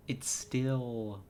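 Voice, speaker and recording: A man's voice: medium pitch, dark tone, a little hiss or hum. A man giving casual, emotional let's-play commentary into a headset, chatting and laughing often as he reacts to the game. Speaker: game streamer.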